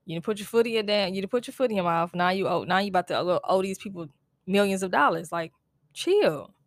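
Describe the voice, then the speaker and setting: A woman's voice: medium pitch, expressive, quick pace, no echo. Blunt, exasperated woman podcast host. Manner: blunt, exasperated, profane, with frequent "like" fillers. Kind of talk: casual solo podcast rant.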